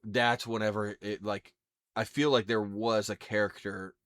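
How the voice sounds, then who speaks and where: A male podcast host in easygoing, rambling casual chat, quick to laugh. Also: on the low side, flat delivery, fairly bright tone, no room sound, studio quality.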